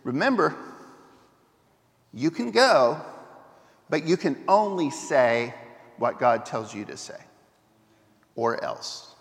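A man's voice: fairly high pitch, sing-song, slow pace, gravelly, long pauses, long reverb tail, pitched below the performer's own voice, full character voice. A man voicing a stern, menacing male angel warrior who gives a warning.

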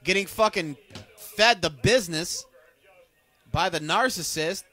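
A man's voice: high voice, unhurried. A man co-hosting a podcast, casually and crudely ranting as he watches an old wrestling match. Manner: crude, ranting, animated commentary. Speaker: podcast co-host. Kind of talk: casual profane wrestling watch-along chat.

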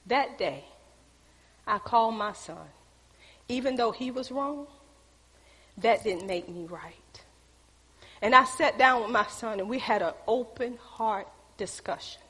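A middle-aged woman preacher telling a testimony, animated, acting out quotes and talking straight to the crowd. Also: a little high, unhurried, breathy edge, long reverb tail. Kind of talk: sermon testimony storytelling.

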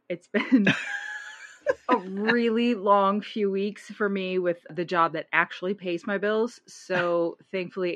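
A woman's voice: lowish voice, fairly bright tone, dry recording. Joking woman podcast co-host. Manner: joking, laughing asides. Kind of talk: casual chat.

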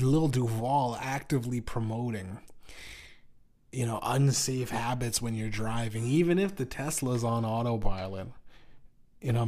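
A young man hosting a solo podcast with a sore throat, ranting in a profane, rambling way that swings between heated outbursts and low mumbling. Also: darkish tone. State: sore throat, clearing his throat. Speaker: podcast host.

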